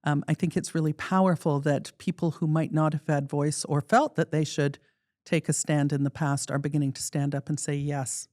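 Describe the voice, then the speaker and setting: A podcast host asking thoughtful questions and affirming the guest in a measured way. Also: mid-range voice, flat delivery, darkish tone, no room sound, studio quality. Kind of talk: conversational interview.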